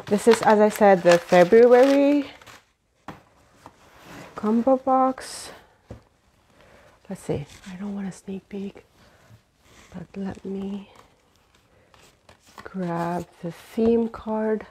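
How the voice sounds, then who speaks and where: A woman chatting through a book unboxing at an unhurried pace. Her voice sits at a middling pitch, and she keeps gasping and exclaiming over each item. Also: warm tone, slight background noise. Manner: gushing, exclamatory, frequent gasps. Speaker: book vlogger. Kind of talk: unboxing vlog chat.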